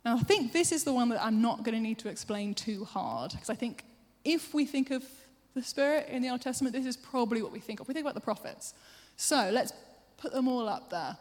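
A woman preacher giving a sermon, chatty and self-deprecating, with quick asides to the congregation. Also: fairly high pitch, expressive, darkish tone. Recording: long hall reverb.

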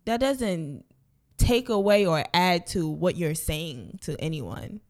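A woman's voice: fairly low pitch, lively intonation, slow. A young woman from New Jersey with a Jersey accent, talking casually and profanely with lots of filler words. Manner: chatty, profane, with many fillers. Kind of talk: casual conversation.

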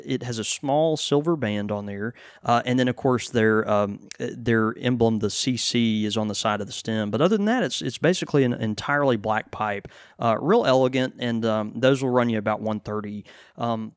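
A man's voice: medium pitch, smooth, no echo. Man chatting about pipes, dry. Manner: relaxed, many fillers and restarts. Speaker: pipe shop co-host. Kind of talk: casual podcast chat.

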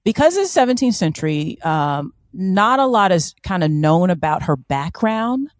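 Playful lady podcast cohost, lowish voice, dry close mic, casual storytelling. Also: moderate pace, no room sound. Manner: animated, playful, fond of silly voices. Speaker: podcast co-host.

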